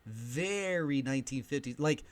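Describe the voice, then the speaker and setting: Excited podcast guy raving about a movie, voice bouncing all over, mid pitch. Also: unhurried. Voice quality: animated, gushing, swings loud and soft with emphatic repeats. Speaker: podcast host, film reviewer. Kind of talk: excited movie review rant.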